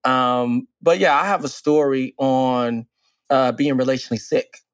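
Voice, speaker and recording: A man's voice: mid-range voice, steady tone, unhurried, smooth, dry recording. Playful easygoing man, dry close mic. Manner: playful, encouraging, easygoing banter. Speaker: podcast co-host. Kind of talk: casual podcast conversation.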